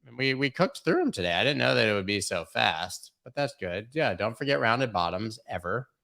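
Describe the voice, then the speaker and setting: A man's voice: medium pitch, sing-song, a little fast, vocal fry, pushed and bright. A young man hosting a live stream, chatting casually, reading out viewer questions and joking around with them. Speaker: host of a live crypto charting stream.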